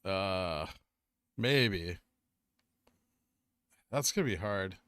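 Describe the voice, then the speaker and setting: Lively chatty Southern Californian man. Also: low-pitched, very slow, clear, resonant tone, dry recording, clean studio sound. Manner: reads chat comments aloud and answers them, chatty, says "like" often. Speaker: streamer reading chat. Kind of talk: casual live-stream chat.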